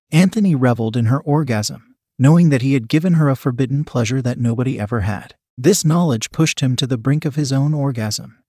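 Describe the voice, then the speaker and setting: A man narrating a scripted erotic story in a steady, measured reading. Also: medium pitch, breathy edge, dry recording, studio quality.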